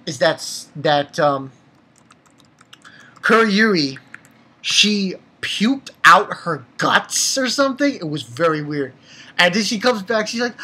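A young adult anime reviewer giving a casual episode recap, rambling and excitable and swearing freely. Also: mid-range voice, slightly rough.

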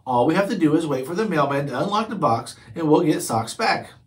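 A man's voice: fairly high pitch, animated, brisk, lightly acted. A man voicing a confident, matter-of-fact older brother in a children's book read-aloud. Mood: reassuring.

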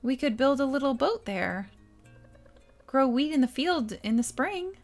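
A woman's voice: sits high, sing-song, faint music behind, pitched above the performer's own voice, exaggerated voice. Woman voicing a shy hesitant young woman. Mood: flustered. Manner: hesitant, halting. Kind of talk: reading game dialogue aloud.

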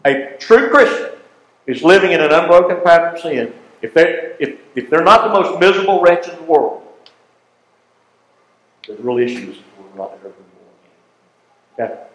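A man teaching a Bible class in a folksy, animated way, often asking the class questions. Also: fairly high pitch, normal speed, long pauses, reverberant, low-quality recording.

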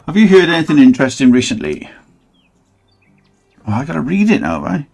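A man's voice: a little high, lively intonation, a little fast, gravelly, darkish tone, husky. A man rambling and swearing through a let's play, mocking the game as he goes. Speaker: gaming channel host.

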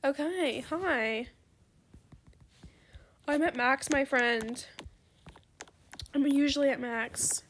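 High bright excitable young woman. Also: drawn-out words, pauses often, slight background noise. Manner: excitable, gushing exclamations; apologetic, soft-spoken when declining trades. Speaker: gaming video creator. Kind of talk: casual gameplay commentary.

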